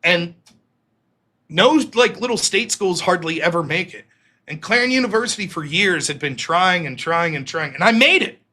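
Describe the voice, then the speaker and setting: A man's voice: high voice, normal speed. A man in his thirties hosting a live stream, telling a long personal story with lots of swearing and acted-out quotes. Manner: profane, animated storyteller acting out quoted voices. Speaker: host.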